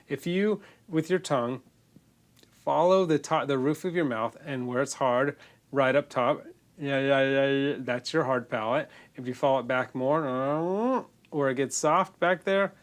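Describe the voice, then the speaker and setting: A man's voice: medium pitch, a little slow. A man with a congested, nasal voice, teaching singing in a loose, casual lesson full of restarts. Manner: loose, demonstrating, self-correcting.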